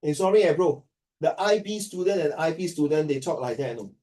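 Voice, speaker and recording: A man's voice: on the high side, lively intonation, fairly quick, warm tone, distant mic. A man from Singapore with a Singaporean accent, teaching a class in a joking way and mixing English with Chinese.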